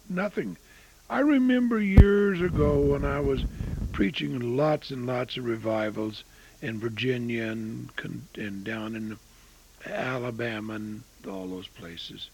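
A man in his eighties preaching a storytelling sermon, swinging between loud exclamations and hushed asides. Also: mid-range voice, husky, low-quality recording. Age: 80s.

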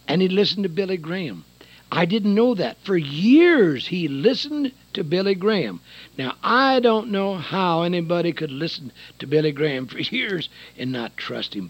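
An older man preaching a sermon and telling his own testimony, dropping to a hush and then rising loud again, from a radio broadcast. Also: a little high, breathy edge, no room sound, highs cut off. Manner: dramatic, swings from hushed to loud.

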